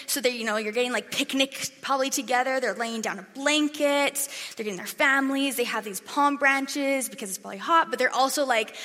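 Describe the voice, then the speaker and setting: A woman's voice: a little high, brisk. Chatty young woman preaching. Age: young adult. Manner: chatty, animated, acts out crowd voices. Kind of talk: casual sermon. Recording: echoey hall reverb.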